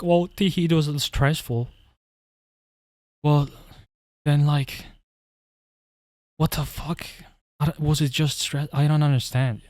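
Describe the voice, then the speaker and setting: A man's voice: mid-range voice, a little mellow, no echo. A man telling a story in a casual, profane rant, rambling and often restarting his sentences. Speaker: commentary vlogger.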